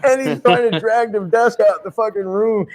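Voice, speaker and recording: A man's voice: high voice, moderate pace. An older man telling a rambling, profane anecdote in an interview, often restarting and swearing freely. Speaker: wrestler telling a story in an interview.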